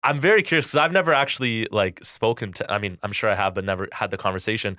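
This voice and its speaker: A man's voice: on the low side, fast, bright, forceful tone, dry recording, clean studio sound. A man hosting a casual podcast chat, asking curious, rambling questions. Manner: curious, asks questions with frequent "like" fillers. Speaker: podcast host. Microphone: headset.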